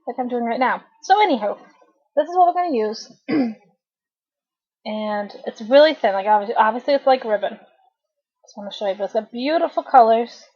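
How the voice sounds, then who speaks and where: A craft tutorial host in her thirties guides viewers through a knitting project in a relaxed, chatty way, clearing her throat now and then. Her voice sits a little high, and the home webcam recording sounds dull and lo-fi.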